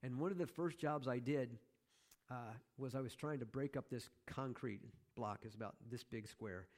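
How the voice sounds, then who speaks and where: A man's voice: medium pitch, moderate pace. A man preaching a sermon as pastor, conversational, with joking asides to the congregation.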